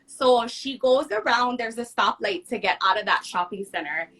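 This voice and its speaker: A woman from Hawaii recounts a personal story as a guest, talking in a lively, emphatic way. Her voice sits a little high and sounds bright and tense. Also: moderate pace. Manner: emphatic, acts out others' lines in the story. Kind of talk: animated conversational storytelling.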